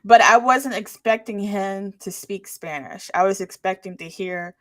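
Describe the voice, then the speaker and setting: Animated Southern-tinged woman podcaster. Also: medium pitch, unhurried, no echo. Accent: mixed Southern and Midwestern American. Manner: animated, acts out quotes with laughs. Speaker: podcast co-host. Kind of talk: casual chat.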